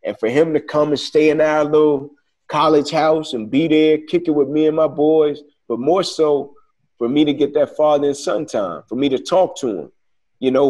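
A man's voice: a little high, a little mellow. A man telling his story as an interview guest, earnest and reflective, often saying "man" and "like".

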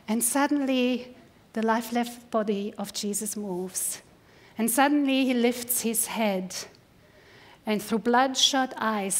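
Woman pastor giving an earnest sermon, kinda high voice, slows way down on the big lines. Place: church service.

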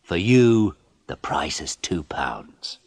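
A man's voice: fairly low pitch, very animated, dry recording, pitched above the performer's own voice, exaggerated voice. A man doing a boastful, pushy photographer. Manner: boastful, brusque, slow and emphatic. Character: proud pushy middle-aged male photographer. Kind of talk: storybook reading.

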